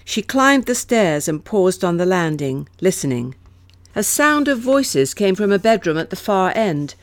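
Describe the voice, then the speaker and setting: Expressive woman reading a novel aloud. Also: medium pitch, a little slow, no room sound. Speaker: audiobook narrator. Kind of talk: scripted narration.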